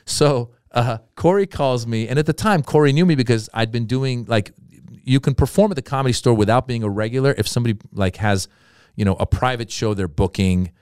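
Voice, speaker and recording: A man's voice: mid-range voice, brisk, darkish tone, smooth, no room sound, clean studio sound. A man telling a comic story from his career in casual podcast talk, acting out the people in it. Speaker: comedian guest.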